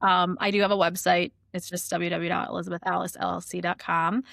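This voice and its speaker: A woman's voice: fairly low pitch, flat delivery, quick pace, gravelly, a bit bright, no echo. A woman talking as a podcast guest in casual chat, chatty and full of "like" fillers, on a close mic.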